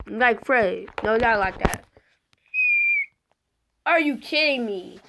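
A woman playing an online game, slightly hoarse from being sick, excitedly calling out what happens on screen. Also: fairly high pitch, takes it slowly, pauses often, noisy background. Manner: excitable, shouting out reactions to the game. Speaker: gamer.

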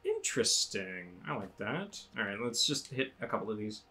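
A man's voice: lowish voice, very animated, normal speed, hardly any pauses, sharp tone. A man playing a video game with a friend, joking around and reading the on-screen text aloud in put-on voices. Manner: playful, jokey, drifts into put-on voices.

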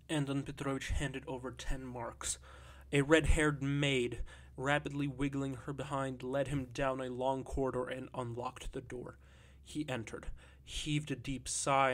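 Man reading a literary audiobook. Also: mid-range voice. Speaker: audiobook narrator. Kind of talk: scripted literary narration.

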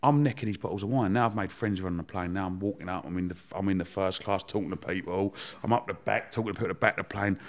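A man telling stories as a podcast guest, animated, laughing often and swearing freely. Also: low voice, quick pace, hardly any pauses. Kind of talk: casual storytelling chat.

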